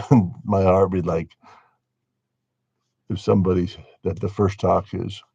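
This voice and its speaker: A man's voice: deep voice, level tone, unhurried, vocal fry, warm tone, husky, no echo. A man giving a casual spoken monologue on faith, musing wryly and laughing at his own points. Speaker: religious commentator. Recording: dull lo-fi dry recording.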